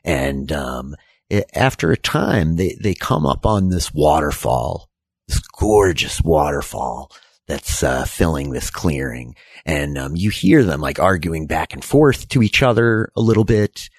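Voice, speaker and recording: A man narrating as game master of a tabletop role-playing game, telling the story in a relaxed way full of fillers. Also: rumbling low, unhurried, husky, no echo.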